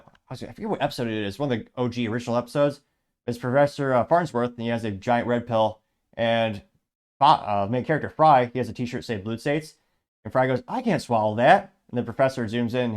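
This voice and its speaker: A man's voice: mid-range voice, a little mellow. A man hosting a commentary show, reading social media posts aloud and adding rambling, sarcastic remarks. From Illinois. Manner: rambling, sarcastic, frequent restarts. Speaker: show host.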